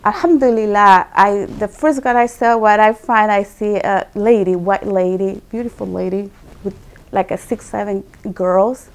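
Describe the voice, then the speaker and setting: A woman tells her own story as a guest, her English simple and non-native in its phrasing. She speaks earnestly and with feeling, often repeating words for emphasis. Her voice sits at an ordinary middle pitch. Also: normal speed. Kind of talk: personal testimony storytelling.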